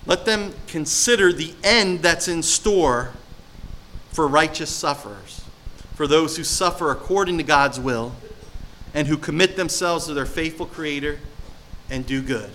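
A man delivering a sermon in a fairly high, bright voice, reading scripture with dramatic swings between loud passages and hushed ones. He talks to his listeners conversationally and keeps asking them questions. A faint hum of ambience sits behind him. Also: a little slow, low-quality recording. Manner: emphatic, dramatic scripture reading with sudden loud and quiet turns; conversational, asks the audience questions. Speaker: preacher.

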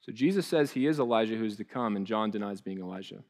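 A man's voice: lowish voice, animated, fast talker, darkish tone. A male pastor, preaching a sermon in a loose, conversational way with frequent restarts and asides.

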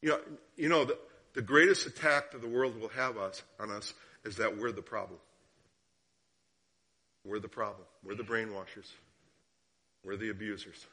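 Bright-voiced man preaching a sermon. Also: fairly low pitch, moderate pace, long pauses, breathy edge. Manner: storytelling with rhetorical questions; drops to hushed tones for story, rises for questions. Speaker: guest preacher.

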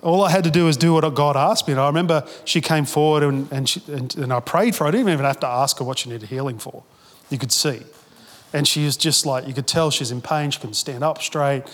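A man's voice: a little high, fairly quick, in a large hall. A man preaching a sermon as a pastor, telling stories in a casual, chatty way with restarts and quoted asides. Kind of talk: sermon storytelling.

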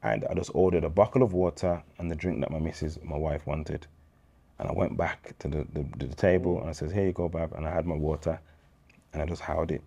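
Deep-voiced man. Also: steady tone, brisk, creaky, dark tone, breathy edge. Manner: street slang, storytelling, acts out dialogue. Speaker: interview guest. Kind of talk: candid faith testimony.

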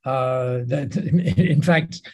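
An Australian man, a podcast guest, telling a story in a lively way and acting out the dialogue. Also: medium pitch, very slow, breathy edge, muffled recording. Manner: lively, acts out dialogue in different voices. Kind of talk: animated storytelling.

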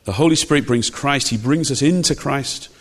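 A man's voice: mid-range voice, normal speed. A man preaching a sermon, emphatic and conversational, with frequent rhetorical questions. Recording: long hall reverb.

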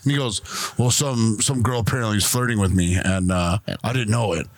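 A man's voice: on the low side, fairly quick, dry recording. A man hosting a casual podcast chat, telling a story and acting out the dialogue. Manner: animated storyteller, acts out quoted dialogue. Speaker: podcast host.

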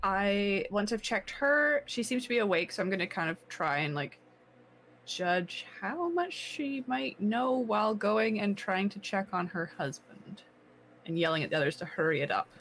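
Woman player, animated pitch, quick in-character lines. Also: slight background noise, poor audio. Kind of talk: playing a tabletop game.

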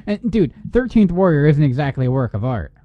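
A man's voice: a little high, very animated, fairly quick, no echo, phone-quality sound. A man co-hosting a podcast in casual chat, trading dry, sarcastic jokes. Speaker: podcast co-host.

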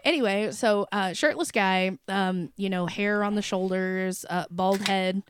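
A woman co-hosts a podcast, casually telling stories with animated energy and swearing freely. Her medium-pitched voice moves at a measured pace, with a little hiss or hum in the recording.

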